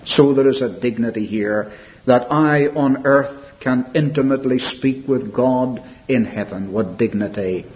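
A man preaching a sermon in an earnest, reflective way, softening and slowing when he quotes scripture. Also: medium pitch. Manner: earnest, reflective preaching with soft, slowed quotations. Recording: dull lo-fi recording with faint hiss.

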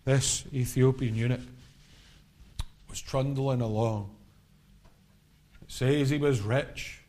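A man's voice: mid-range voice, steady tone, slow pace, a little mellow. A middle-aged man preaching an evangelistic sermon, building his points through impassioned, repetitive cadences.

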